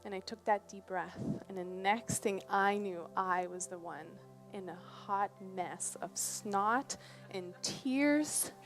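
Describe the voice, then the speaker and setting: A woman's voice: mid-range voice, slow pace, soft background music. Woman telling a personal story to an audience. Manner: conversational, often checks in with "right?". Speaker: presenter. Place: presentation on a cruise ship.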